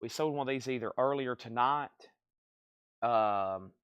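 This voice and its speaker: A man running a live-stream record sale, calling prices and bidders in brisk bursts with chatty asides. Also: mid-range voice, clean tone, no echo, lo-fi sound. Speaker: live auction seller.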